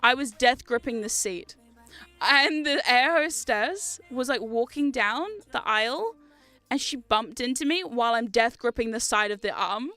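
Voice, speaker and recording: Young female streamer, New Zealand accent, high voice, animated and foul-mouthed, easy laugh. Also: unhurried, dry recording, faint music behind. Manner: animated, swears freely, laughs often. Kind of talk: casual livestream chat.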